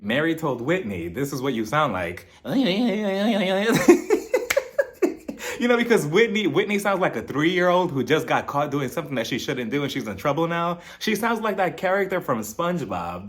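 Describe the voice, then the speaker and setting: A man's voice: fairly high pitch, very animated, moderate pace. Chatty gossiping man recapping reality TV. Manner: chatty and gossipy, laughs while retelling, does mocking voices of cast members. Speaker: reality TV reviewer, channel host. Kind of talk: casual recap commentary.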